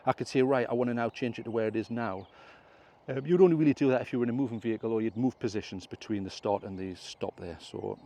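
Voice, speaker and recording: A man casually talking through his drone flight outdoors step by step, clearing his throat now and then. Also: mid-range voice, fast talker, warm tone. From England. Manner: chatty step-by-step explaining, self-correcting. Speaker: drone vlogger. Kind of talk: casual tutorial commentary. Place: outdoors on a hill.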